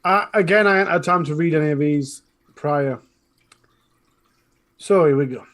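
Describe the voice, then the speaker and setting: A man's voice: a little high, moderate pace, fairly bright tone. A man with a Northern English accent co-hosting a casual live stream, reading tongue twisters from chat and laughing at his own stumbles. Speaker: co-host.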